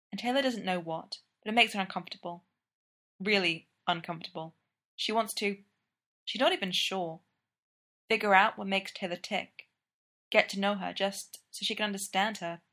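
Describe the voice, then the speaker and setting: A woman reading a story aloud. Her narration is expressive and lively, at a middle pitch.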